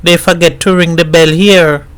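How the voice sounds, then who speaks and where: A man voicing an excited, bright little boy who speaks in Caribbean dialect. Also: a little high, normal speed, dry recording, voice pushed up, lightly acted. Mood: eager.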